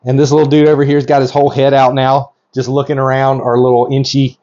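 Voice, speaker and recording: A middle-aged man narrating a hands-on video as a reptile breeder, excited and gushing, rambling with lots of ums. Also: mid-range voice, fast talker, dull audio.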